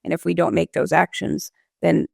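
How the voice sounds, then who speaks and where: A woman who directs emergency management, answering interview questions in a measured, explanatory way with worked examples. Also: fairly low pitch, steady tone, vocal fry, husky, dry recording, clean studio sound.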